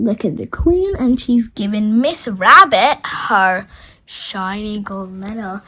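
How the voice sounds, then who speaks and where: A woman reading a children's storybook aloud, with a high voice that bounces animatedly. She takes her time and chats with her young listeners between pages. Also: pushed and bright, poor audio. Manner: chatty, asides to young listeners.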